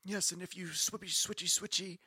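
A man's voice: sits high, steady tone, fairly quick, heavy background noise. A man acting as game master, playfully narrating in character and often stumbling over words with a laugh.

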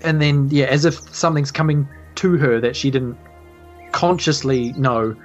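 A woman's voice: rumbling low, steady tone, moderate pace, dull audio, faint music behind. A woman narrating a tabletop game as game master, often stammering and rambling as she thinks.

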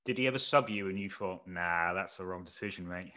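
A man's voice: low-pitched, fairly quick, pushed and bright. A man hosting an interview, asking long rambling questions full of fillers. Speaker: interview host. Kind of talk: interviewing guests. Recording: dull lo-fi remote line.

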